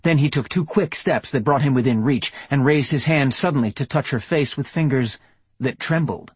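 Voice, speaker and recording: A male audiobook narrator reads a story in a steady, even manner. His voice has a husky edge at a mid pitch, captured close and dry with no room sound. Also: normal speed, dry recording. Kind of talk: scripted narration.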